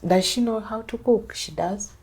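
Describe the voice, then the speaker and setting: Woman, Kenyan accent, young adult, husky, middle pitch, interview guest, personal storytelling. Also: normal speed, darkish tone. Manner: mixes English and Swahili, acts out others' lines.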